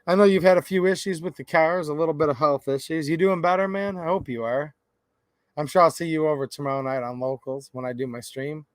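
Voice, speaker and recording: A man's voice: on the high side, fairly quick, no echo. A man hosting a casual livestream, greeting viewers by name in a chatty, upbeat way and calling them man and dude. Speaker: livestream host.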